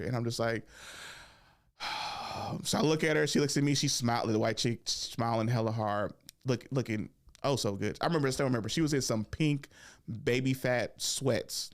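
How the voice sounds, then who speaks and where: A young man on a podcast telling a story with lots of energy, jumping high for quoted lines and dropping to mutters for asides. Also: normal speed, gravelly. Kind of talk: animated storytelling, acting out quotes.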